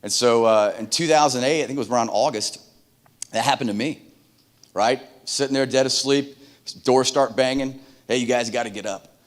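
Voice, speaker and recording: A middle-aged man giving a keynote on a conference stage, telling stories in an animated way and acting out the dialogue. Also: medium pitch, normal speed. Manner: animated, acts out dialogue in voices. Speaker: keynote speaker. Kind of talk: keynote storytelling.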